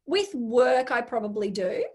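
Husky-voiced woman chatting enthusiastically. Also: a little high, big pitch swings, a little mellow. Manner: enthusiastic, acts out her own inner voice in quick asides. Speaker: guest. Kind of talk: casual interview chat.

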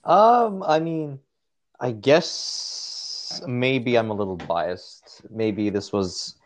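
A man's voice: medium pitch, animated, extremely slow, slight background noise. A man co-hosting a casual podcast chat, trading dry, sarcastic jokes about ads. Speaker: podcast co-host.

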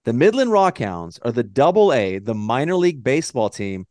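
A man from Texas with a Texan accent, co-hosting a casual movie-review podcast and ranting in a profane, animated way. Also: mid-range voice, normal speed, dry recording. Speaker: podcast co-host.

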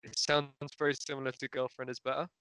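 A man talking over an album in a casual podcast chat, thoughtful and a bit halting. His voice is bright and crisp. The sound is dry and close. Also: mid-range voice, little pitch movement, no room sound. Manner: thoughtful, halting, restarts often. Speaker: podcast co-host. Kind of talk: casual music review chat.

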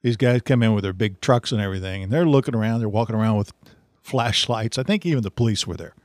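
A middle-aged man hosting a podcast, telling a funny story in a casual, animated way and laughing often. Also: fairly low pitch, quick pace, no room sound, studio quality. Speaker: podcast host.

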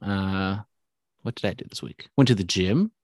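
A young man co-hosting a podcast, talking in quick, teasing casual banter. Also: sits low, no echo, clean studio sound. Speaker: podcast co-host. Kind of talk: casual chat.

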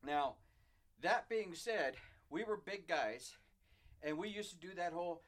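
A man in his fifties, a podcast co-host, telling lively high school stories and laughing through them. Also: a little slow. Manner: animated storyteller who laughs through his anecdotes. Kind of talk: casual chat, storytelling.

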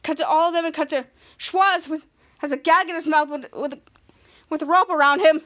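A woman podcast host walks through a sitcom episode scene by scene, halting and restarting as she goes. Her voice is very high and bright. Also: fairly even intonation. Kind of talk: casual episode recap.

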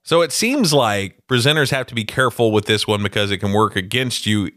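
An upbeat male podcast co-host with a lively, rising and falling voice. He keeps things conversational and moves the talk along with questions. His sound is dry and close. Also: on the low side, a little fast, no room sound. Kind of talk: casual podcast chat.

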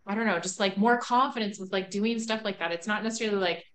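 A woman's voice: medium pitch, fast, a bit bright, slight background noise. A woman podcast host in casual chat, talking loosely with many "like" fillers. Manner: chatty, full of "like" fillers.

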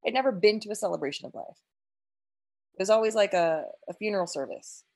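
A woman's voice: mid-range voice, fast talker, vocal fry, a little mellow. A woman sharing an emotional personal faith testimony, earnest, with frequent restarts and quoted prayers.

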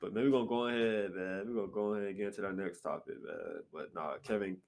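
A man hosting a casual solo podcast from his apartment, swinging between sudden high exclamations and low mutters. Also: quick pace, background noise. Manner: animated, jumps into sharp high outbursts then drops to low mutters. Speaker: podcast host. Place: apartment room.

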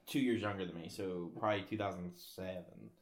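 A man's voice: low-pitched, echoey room. A man from the US South with a Southern accent, chatting casually as a podcast guest. He halts often, fills gaps with "uh", and swears casually. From US South (Georgia, Alabama). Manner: halting, filler-heavy, swears casually. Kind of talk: casual chat.

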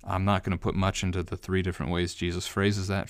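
A man with a very low, deep voice walks through a scripture passage in a relaxed, unscripted teaching style, thinking aloud and sometimes restarting a phrase. The recording is dry and close, with no room sound. He speaks as a pastor explaining the text. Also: a little fast, hardly any pauses, clear, resonant tone, no room sound. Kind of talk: unscripted bible study commentary.

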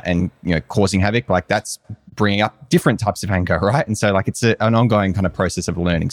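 A man's voice: sits low, no room sound, clean studio sound. A man in a casual conversation, speaking reflectively and thoughtfully, with frequent fillers.

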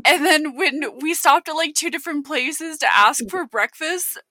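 A woman's voice: sits high, lively intonation, normal speed, pushed and bright, dry recording. A woman chatting with friends, often laughing and breaking off mid-sentence. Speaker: friend in a chat. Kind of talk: casual chat.

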